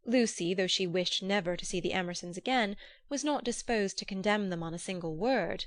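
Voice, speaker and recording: A woman reads a classic novel aloud in a steady, measured way. Her pitch sits in the middle range, and the recording is dry and close. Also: no echo. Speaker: audiobook narrator. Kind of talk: scripted audiobook narration.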